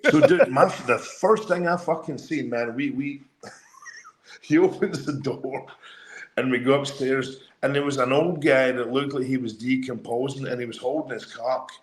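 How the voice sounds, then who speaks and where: A man's voice: medium pitch, steady tone, moderate pace, reverberant, low-quality recording. A Scottish man, a former wrestler, telling a story as a guest, swearing often and laughing through it. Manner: profane, laughing anecdotes. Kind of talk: casual storytelling.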